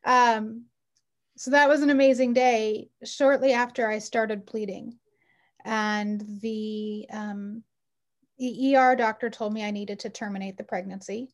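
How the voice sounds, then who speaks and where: A woman's voice: a little high, fairly even intonation, a little slow. A woman in her forties, an interview guest telling her personal story in an earnest, heartfelt way with frequent ums. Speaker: mother.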